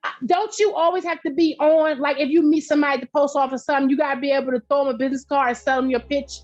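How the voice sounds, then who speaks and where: A middle-aged woman, a podcast guest and entrepreneur, talking in a loud, direct, animated way and telling stories with laughs. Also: sits high, rapid-fire. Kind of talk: casual interview chat. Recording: dull lo-fi sound.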